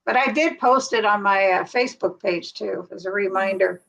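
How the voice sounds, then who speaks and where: Chatty woman livestream host from North Carolina, relaxed and easy, laughs often. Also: mid-range voice, normal speed, vocal fry, rough recording. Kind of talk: casual chat.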